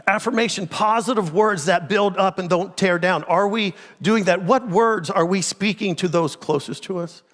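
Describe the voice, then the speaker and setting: Conversational pastor in a reverberant church. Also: male voice, fairly high pitch. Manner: conversational, asks the congregation many questions, drops to a quiet intense voice. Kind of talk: sermon. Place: church sanctuary.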